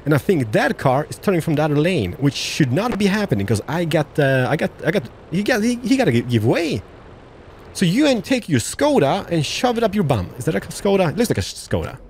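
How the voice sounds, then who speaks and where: Man, let's-play commentary, lively swooping pitch, chatty and joking, faint truck sounds behind. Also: brisk, a little hiss or hum. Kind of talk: casual gameplay commentary.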